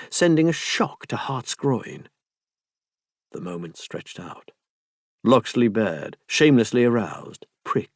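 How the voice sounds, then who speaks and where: Male narrator, measured reading, mid pitch, dry close recording. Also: dry recording. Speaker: audiobook narrator. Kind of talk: scripted narration.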